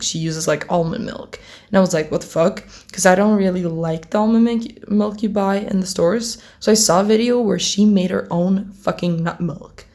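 A woman's voice: fairly low pitch, a little mellow. A teenage girl chatting casually to camera as a vlogger, rambling, giggling often and swearing offhandedly. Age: teens.

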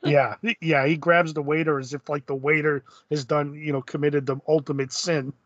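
A man co-hosting a casual comic book podcast, speaking in a thoughtful, measured way. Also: fairly high pitch, little pitch movement, a bit bright, no room sound. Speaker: podcast co-host. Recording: dull lo-fi sound.

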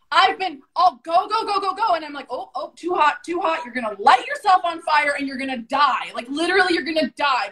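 A woman guest on a podcast, telling stories in a high-energy, profane, animated way. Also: poor audio. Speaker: podcast guest, business coach. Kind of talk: casual podcast conversation.

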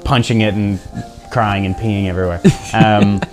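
Over music, a young podcast co-host speaks at a normal speed in a fairly low voice with little pitch movement. In a casual chat he tells stories, acting out the customers in them with funny voices.

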